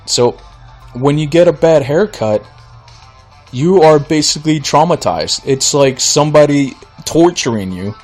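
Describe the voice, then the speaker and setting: A man hosting his own podcast, telling a rambling, animated story with many restarts. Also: a little high, measured pace, soft background music. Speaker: podcast host. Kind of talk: casual solo podcast rant.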